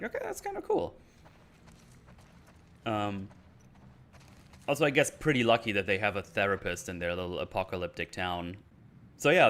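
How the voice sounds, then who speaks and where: A low-voiced man rambling through a recap. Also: a bit bright. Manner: rambling, loose recap that slips into voicing the characters' lines. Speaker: streamer recapping a TV episode. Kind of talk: casual commentary rant.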